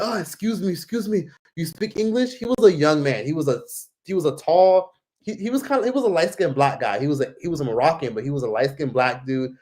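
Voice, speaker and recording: A man casually telling a travel story to camera, rambling, swearing freely and leaning on filler words. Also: medium pitch. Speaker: vlogger.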